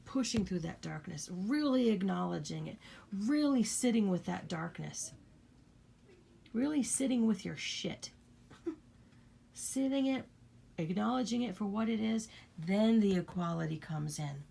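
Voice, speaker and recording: A woman's voice: mid-range voice, vocal fry, dark tone, breathy edge. A woman giving an earnest, blunt spiritual talk to her viewers, repeating her points and swearing freely. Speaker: spiritual channel host.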